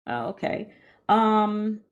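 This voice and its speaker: A woman's voice: medium pitch, animated, highs cut off. Woman chairing a virtual meeting. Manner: friendly, brisk questioning. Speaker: committee chair. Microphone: video call mic.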